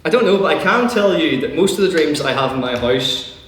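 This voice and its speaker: A man's voice: fairly high pitch, expressive, fairly quick. A young man, presiding over a student debating society and fielding questions with jokey, self-deprecating puns. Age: young adult. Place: large lecture hall with an audience. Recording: echoey hall from far off, noisy.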